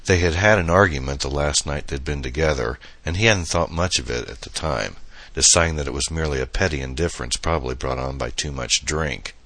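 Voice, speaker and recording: A man narrating his own novel as an audiobook, in a steady storytelling manner. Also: extremely low pitch, no room sound. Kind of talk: scripted narration.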